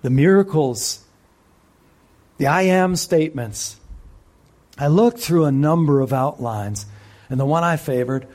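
A man preaching a sermon who speaks with energy, often asks the audience questions, and drops to a hush for emphasis. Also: medium pitch, expressive, measured pace, pauses often. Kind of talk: expository sermon.

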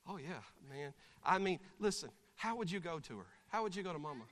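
A high-pitched, bright-voiced pastor directs helpers through a Bible story, then bursts into shouted voices as he acts it out. His voice rings through a church sanctuary with a long hall echo. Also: expressive, brisk. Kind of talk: sermon with live acted illustration.

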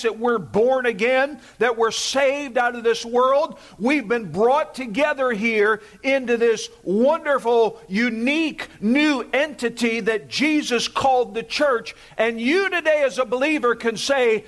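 A man's voice: extremely high pitch, fairly bright tone. A man preaching a sermon as pastor, emphatic, repeating key phrases and asking the congregation to say words with him.

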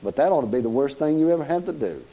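A man's voice: medium pitch, lively intonation, racing, mellow, slightly rough. A middle-aged man with a Southern US accent preaching a sermon in a folksy, joking way, chuckling as he goes. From Southern United States.

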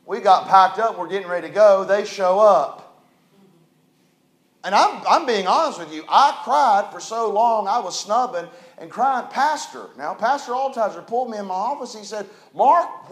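High-voiced preacher in an echoey church. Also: male voice. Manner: preaching with swings from quiet storytelling to loud emphatic rises. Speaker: pastor. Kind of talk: sermon. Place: church hall.

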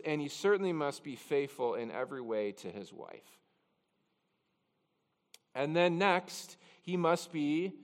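A man's voice: fairly high pitch, big-room sound. A man pastor preaching a conversational expository sermon, with chatty, self-deprecating asides. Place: church sanctuary.

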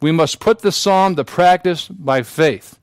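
A man's voice: a little high, measured pace, clean tone, dry recording. A male pastor preaching a sermon to his congregation, with solemn emphasis and repetition. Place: church sanctuary.

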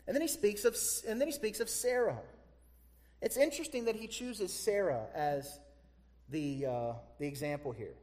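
A man delivers a sermon in a fairly high voice that carries through a reverberant hall. He talks animatedly and keeps throwing questions back at his listeners. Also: normal speed. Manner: animated, rhetorical questions to the congregation. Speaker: preacher. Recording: echoey hall.

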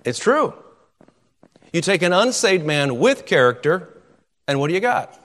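A man preaching a sermon in a somewhat high voice, pressing each point with emphatic repetition. His words ring out with a long reverb, as in a large church hall. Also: very animated, a little slow, long pauses, fairly bright tone. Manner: emphatic, repeats words when stressing points.

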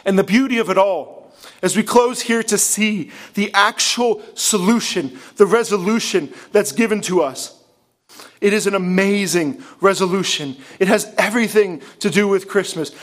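Preaching to his congregation at a moderate pace, this male pastor speaks in a very high-pitched voice. His delivery is passionate, with a steady stream of rhetorical questions.

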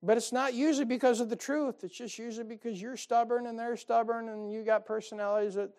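A man's voice: extremely high pitch, fairly even intonation, fast talker, darkish tone. A man preaching a sermon in a folksy, emphatic way, with many asides to his listeners. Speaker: pastor.

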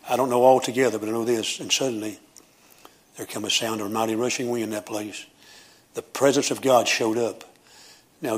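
A man preaching a sermon as pastor, with a Southern preacher cadence, rising at times into loud shouting praise. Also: slightly rough. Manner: builds to high, shouting preaching.

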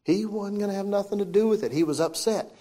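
A fast-talking preacher with a medium-pitched voice reads old-style scripture aloud and then explains it, posing questions to listeners. His delivery shifts often between loud emphasis and soft, hushed tones.

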